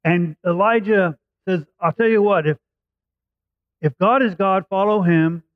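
A man preaching a sermon, retelling a scripture story in a lively, conversational way and voicing the characters' lines. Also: high voice, measured pace, no room sound. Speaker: pastor. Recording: tinny phone-like dry sound.

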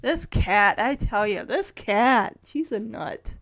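A woman's voice: on the high side, animated, takes it slowly, fairly bright tone, no echo. A middle-aged woman chatting casually through an episode recap, rambling with little laughs. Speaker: show recapper.

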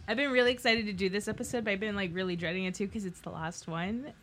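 A young woman in her twenties, a podcast co-host, talking in a halting, tearful way, laughing through tears as her voice breaks. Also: mid-range voice, fairly bright tone, slight background noise. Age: 20s. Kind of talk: emotional casual chat.

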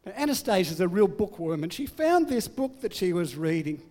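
A man's voice: sits high, big pitch swings, moderate pace, darkish tone, big-room sound. An older man giving a sermon, telling family stories in a humorous, self-deprecating way. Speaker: preacher.

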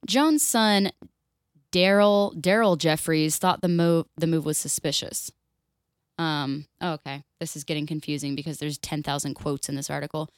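Woman, podcast co-host, blunt, sweary, lower voice, dry. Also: fairly even intonation, moderate pace, dry recording. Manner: blunt, sweary, laughs often. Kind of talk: casual chat, reading a story aloud.

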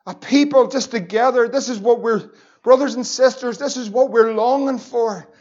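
A Northern Irish man, a pastor, preaching a fervent sermon in a church, building from steady talk to shouted declarations. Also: very high-pitched, moderate pace. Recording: dull lo-fi church recording.

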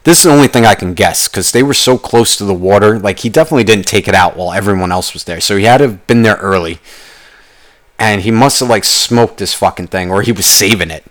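A young man ranting casually, profane and rambling, telling a story with animated quoted voices. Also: lowish voice, quick pace. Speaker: podcast host.

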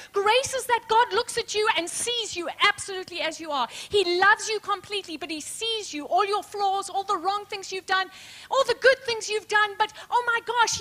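High, bright-voiced woman preaching a sermon. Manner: emphatic preaching with dramatic drops to soft, hushed words; addresses congregation as friends, asks rhetorical questions. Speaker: pastor. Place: church.

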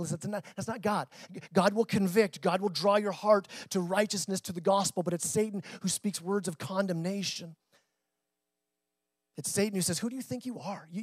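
A man's voice: sits high, no echo. A man preaching a sermon to his church in a conversational way, repeating words as he builds and drops his intensity. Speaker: pastor.

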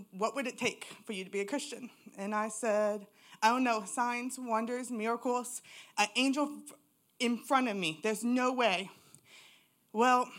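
A woman telling her personal faith testimony in church, raw and candid. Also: medium pitch. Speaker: church member giving testimony.

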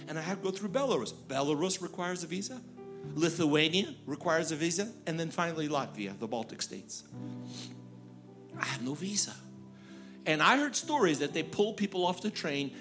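A middle-aged man from Ukraine preaching and telling a personal story in lively, animated style, acting out the people he quotes. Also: on the high side. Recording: music playing underneath.

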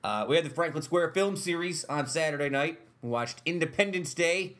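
Casting note: male podcast host with an Upstate New York accent, slightly haggard, lively and quick to laugh. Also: fairly high pitch. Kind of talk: casual chat.

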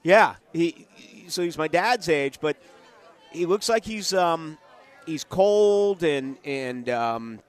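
A middle-aged man from Boston tells a rambling sports story with plenty of restarts. His voice sits a little high and lifts sharply when he acts out what people said. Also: slow pace. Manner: animated storyteller, restarts often, acts out quotes. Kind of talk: casual sports chat.

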